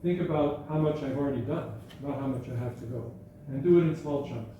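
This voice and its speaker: A man's voice: mid-range voice, brisk, mellow, dull audio. A man giving an informal talk to an audience, chatty and anecdotal, often correcting himself mid-sentence. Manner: conversational, self-correcting, anecdotal. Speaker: guest speaker. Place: hall at a school gathering. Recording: echoey room, speaker far from mic, faint background noise.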